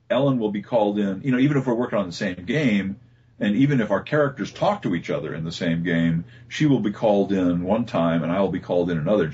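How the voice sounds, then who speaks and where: A man, a voice actor being interviewed, telling relaxed stories about his work with many fillers and restarts. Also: low-pitched, a little hiss or hum. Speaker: voice actor guest. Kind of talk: casual interview talk. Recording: dull lo-fi recording.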